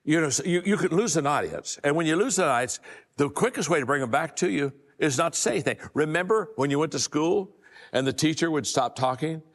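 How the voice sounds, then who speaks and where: A man's voice: fairly high pitch, expressive, fairly quick, big-room sound. An older man giving a motivational leadership talk, telling folksy stories with frequent restarts and repeated words. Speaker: leadership speaker.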